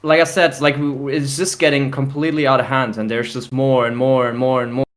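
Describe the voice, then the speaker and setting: Young man, gaming podcast co-host, mid-pitched, opinionated, emphatic, grumbling, casual. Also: flat delivery, a little fast.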